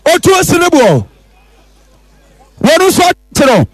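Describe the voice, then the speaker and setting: A man with a Ghanaian accent eagerly commentates a penalty shootout, repeating the names of the players as he calls them. His voice is very high and slow-paced, and the audio is poor.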